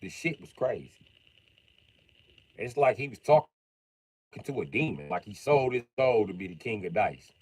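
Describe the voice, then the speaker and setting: A man on a livestream telling comedic stories in animated, profane street slang. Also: lowish voice, normal speed, pauses often, husky. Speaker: livestream host. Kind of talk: comedic storytelling.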